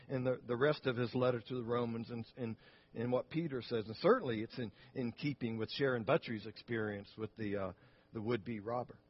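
A man's voice: medium pitch, slightly rough, dull audio. A man pastor preaching a sermon, telling a story earnestly and often restarting his phrases.

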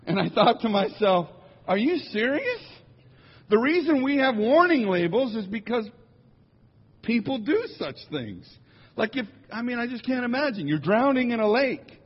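A man, a musician, telling humorous stories to a congregation in an animated, jokey way, slipping into quick impressions. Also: high voice, breathy edge. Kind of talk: humorous storytelling talk. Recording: dull lo-fi sound in a large reverberant hall.

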